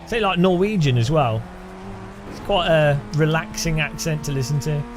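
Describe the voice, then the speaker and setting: A man's voice: on the high side, moderate pace. A man chatting casually on a gaming stream, laughing and grumbling at the game. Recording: light music behind.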